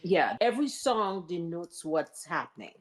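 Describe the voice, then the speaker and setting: Woman co-host, lower-pitched voice, agreeable sidekick who chimes in briefly. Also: big pitch swings, unhurried. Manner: agreeable, mostly short affirmations. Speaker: podcast co-host. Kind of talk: casual chat.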